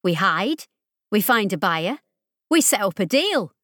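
A woman narrator voicing an angry, foul-mouthed woman specialist who shouts through a machine's speakers. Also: medium pitch, very animated, unhurried, dry recording, clean studio sound. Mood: urgent. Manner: shouting, swearing, scornful.

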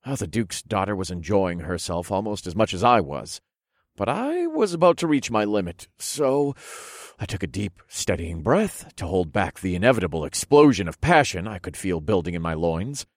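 A man narrating a first-person story for an audiobook, expressive, moving between low murmurs and loud bursts. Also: normal speed, dry recording, studio quality.

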